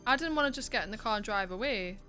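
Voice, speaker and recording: A woman chatting on a stream beside her partner, her voice bright and a touch high, rising and falling a lot. She teases him, swears casually and giggles often. Faint music hums behind her. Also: animated, fast. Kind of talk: casual livestream chat.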